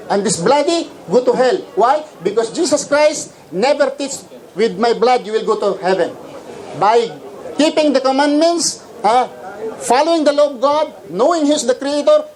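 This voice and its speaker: A man's voice: high voice, darkish tone, low-quality recording. A man with a Filipino accent preaching a polemical religious lecture, firing rhetorical questions at his audience. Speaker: Islamic preacher.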